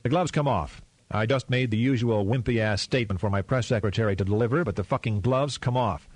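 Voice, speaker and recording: A man's voice: on the low side, brisk, breathy edge, no room sound. A man reading a coldly furious president. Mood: blunt anger. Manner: quiet, clipped, menacing. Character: furious, grimly calm male president.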